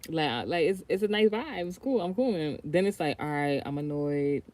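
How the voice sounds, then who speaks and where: A woman's voice: low-pitched, animated, normal speed, darkish tone, no echo. Chatty profane American woman. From United States. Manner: rambling, profane, chatty, often trailing off and restarting. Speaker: tarot card reader. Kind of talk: casual livestream chat and tarot reading.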